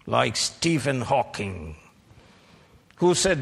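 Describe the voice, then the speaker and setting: Man preacher, fiery sermon, very slow and emphatic, lively pitch swings, long hall reverb. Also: vocal fry, breathy edge. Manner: slow, emphatic, rises to shouted peaks.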